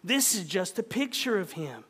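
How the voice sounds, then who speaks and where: Anguished pleading husband, a man voicing him, high voice, desperate, long hall reverb. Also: sing-song, normal speed, fairly bright tone, slightly rough, exaggerated voice.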